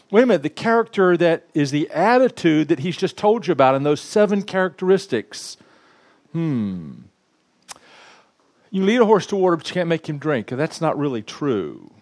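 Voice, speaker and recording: A man preaching a sermon in a lively, conversational way, with asides to the congregation. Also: fairly high pitch. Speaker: pastor.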